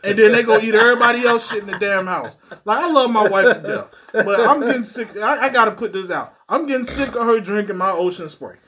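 Man, high voice, casual podcast banter, animated, swearing. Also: a little fast, a crowd in the background. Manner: animated, swearing, acts out quotes. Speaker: podcast co-host.

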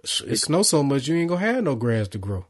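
Man, podcast co-host, casual banter, jokey, laughs a lot, mid-pitched voice. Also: big pitch swings, quick pace. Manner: joking, laughs often, wraps up the show. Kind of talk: casual chat.

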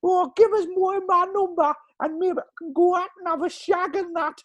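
A man voicing a crude passer-by with a high, squeaky voice. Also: steady tone, normal speed, highs cut off. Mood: leering.

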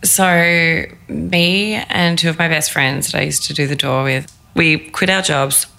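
Chatty woman, low gravelly voice. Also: a little slow. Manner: chatty, animated, acts out quotes. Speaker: guest, fitness founder. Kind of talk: casual interview storytelling.

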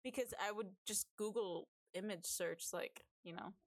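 A woman's voice: medium pitch, moderate pace, no echo, clean studio sound. A woman co-hosting a podcast, talking casually in a rambling way, with restarts and casual swearing. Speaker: podcast co-host.

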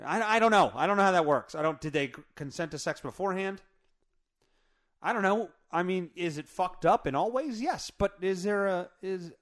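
A man hosting a podcast, riffing crudely through a news story in a rambling, profane, off-the-cuff way. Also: fairly high pitch. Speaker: podcast host. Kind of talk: crude comedic news rant.

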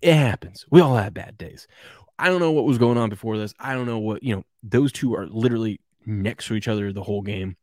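A man's voice: lowish voice, fairly quick, darkish tone, no echo, studio quality. A man hosting a casual morning sports show, rambling and chuckling as he reads viewer comments. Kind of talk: casual live sports chat.

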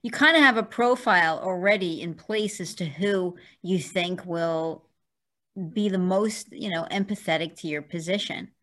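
A woman's voice: fairly low pitch, normal speed, a bit bright. A woman hosting an interview over a video call, a lawyer who chats easily, laughs, and explains at length. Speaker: host and lawyer. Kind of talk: casual interview.

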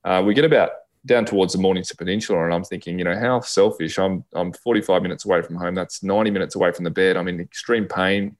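Fast-talking Australian man, low voice. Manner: lively storyteller who acts out quoted dialogue. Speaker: guest. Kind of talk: personal storytelling in a podcast interview.

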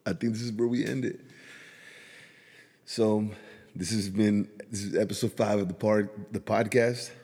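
Low husky man, rambling podcast host. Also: fairly even intonation, unhurried, pauses often, a little mellow, long reverb tail. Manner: laughs often, rambling storytelling. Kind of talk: casual chat.

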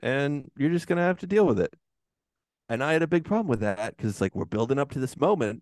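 A male podcast co-host in the middle of a heated rant, cursing often. His pitch swings widely as he talks. The sound is dry and close, with no room echo. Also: big pitch swings, fairly quick, a little mellow. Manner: heated, ranting, swears often. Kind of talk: casual podcast chat.

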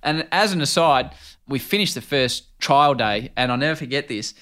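A man's voice: medium pitch, normal speed. An Australian man with an Australian accent, telling stories animatedly with slang and laughter in a casual interview. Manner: animated, laughing storyteller, rough Aussie slang. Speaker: sports commentator and podcast host.

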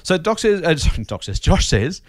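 A man's voice: on the high side, big pitch swings, measured pace, no room sound, studio quality. A man co-hosting a casual investing podcast. He is chatty and self-deprecating and often repeats his words. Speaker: podcast co-host.

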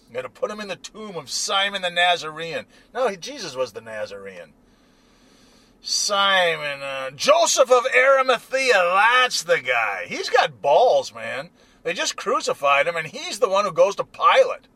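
High-voiced guy joking around in his car, real animated, all over the place. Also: a little slow, no echo. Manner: rambling, irreverent, joking. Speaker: vlogger. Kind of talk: casual monologue while driving.

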